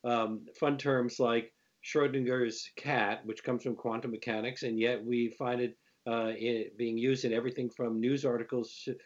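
A man hosting a radio interview, speaking in a measured, reflective way and steering the talk. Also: medium pitch, level tone. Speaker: radio host. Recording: slightly dull radio sound.

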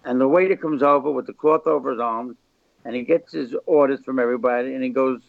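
Gravelly older man telling anecdotes. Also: medium pitch, fast talker, no echo. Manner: rambling anecdotes, gravelly chatty delivery. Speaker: record label founder, podcast guest. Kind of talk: casual storytelling interview. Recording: slightly muffled dry recording.

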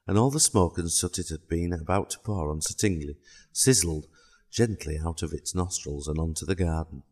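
Deep-voiced man reading a children's story. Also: dark tone. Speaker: narrator. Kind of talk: storybook narration.

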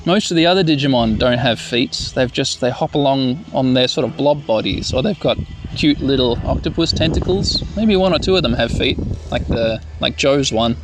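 A man's voice: mid-range voice, normal speed. A man hosting a casual bedtime podcast, playfully recapping a cartoon and acting out bits of the characters' lines. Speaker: podcast host.

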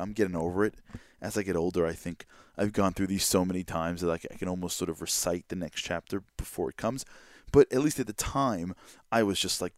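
A man hosting a podcast, telling a personal story in a lively, chatty way with lots of fillers. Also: low-pitched, no echo, clean studio sound. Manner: lively, quick anecdotal delivery with many fillers. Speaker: podcast host. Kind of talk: storytelling monologue.

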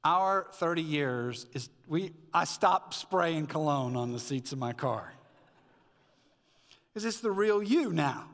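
A man's voice: fairly high pitch, lively intonation, takes it slowly, fairly bright tone, in a large hall. A middle-aged man preaching a sermon as a pastor, conversational and storytelling with asides. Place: church sanctuary.

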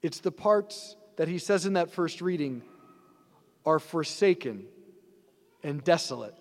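A man preaching a sermon as a priest, in a conversational way that keeps throwing rhetorical questions at the listeners. His voice sits high for a man. The sound carries a long reverb, as in a church. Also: expressive, a little slow.

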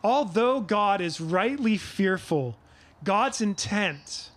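A middle-aged man preaching a sermon, earnest and measured, asking his listeners rhetorical questions. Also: sits high, expressive, a bit bright. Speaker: pastor.

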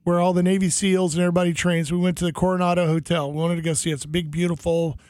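A man with a notably high speaking voice tells a rambling, animated story in casual conversation, slipping into the voices of the people he describes. The sound is close and dry, with no room around it. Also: racing, dry recording.

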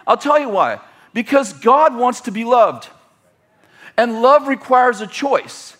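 A man's voice: very high voice, very animated, takes it slowly, fairly bright tone. A male pastor preaching a sermon, rambling and correcting himself as he leads the congregation in call-and-response.

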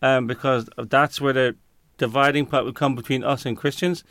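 A man speaking as a guest on a talk show, his voice smooth and clean and close to the mic with no room sound. He pauses to hunt for words and often restarts his sentences. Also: mid-range voice, fairly even intonation, fairly bright tone, no echo. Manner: searches for words, frequent fillers and restarts. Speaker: interview guest. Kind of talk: conversational interview answer.

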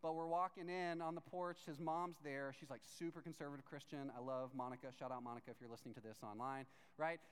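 Lively young preacher in a reverberant hall. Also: male voice, a little high, fast talker, few pauses, clean tone. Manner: storytelling with quoted voices, frequent "right?" tag questions. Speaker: pastor. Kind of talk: sermon.

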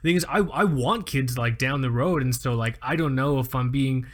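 Co-hosting a podcast, a thirty-something man spins over-the-top, foul-mouthed tales in a laid-back comedic conversation. His voice is mid-range and his pace moderate, with plenty of animation.

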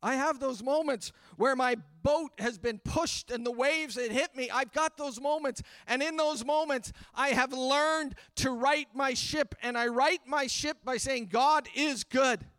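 High, bright-voiced fervent man preaching. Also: a little slow, hardly any pauses, clean tone, no room sound, studio quality. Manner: earnest, building fervor with repeated refrains. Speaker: pastor. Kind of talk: sermon. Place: church livestream during pandemic.

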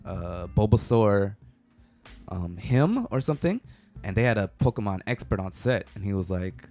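A man's voice: on the low side, animated, moderate pace, darkish tone. A man hosting a casual chat, easygoing and telling stories. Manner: easygoing, storytelling.

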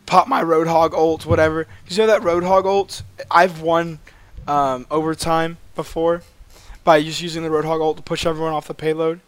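A man co-hosting a casual gaming podcast, talking in a relaxed, rambling way. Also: a little high, normal speed, clear, resonant tone. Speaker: podcast co-host.

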